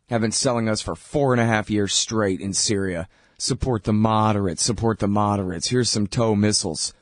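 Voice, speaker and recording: A man's voice: fairly low pitch, dry recording, studio quality. A man hosting a radio show, delivering sarcastic, mocking political commentary.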